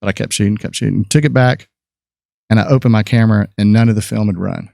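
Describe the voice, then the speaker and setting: Gravelly man in his fifties telling stories. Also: lowish voice, fast talker, a little mellow, dry recording, studio quality. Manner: rambling anecdotal storyteller, many fillers and restarts. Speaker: podcast guest, photographer. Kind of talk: casual storytelling chat.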